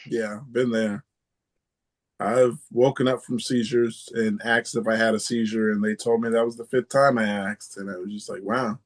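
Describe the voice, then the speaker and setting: A man with a somewhat low voice joins the podcast chat, easygoing and blunt as he shares his view. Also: little pitch movement, normal speed. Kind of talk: casual chat.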